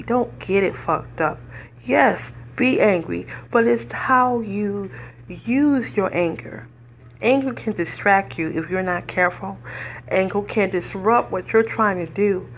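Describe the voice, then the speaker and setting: A woman's voice: mid-range voice, unhurried, a little hiss or hum. A woman hosting a podcast, speaking in earnest, preacherly commentary and fighting back tears. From United States. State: tearful. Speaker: podcast host. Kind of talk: emotional personal commentary.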